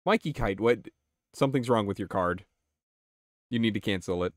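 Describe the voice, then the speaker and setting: A young man chatting casually on his game live stream, excitable, swearing and reacting to chat. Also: on the low side, normal speed, dry recording, studio quality.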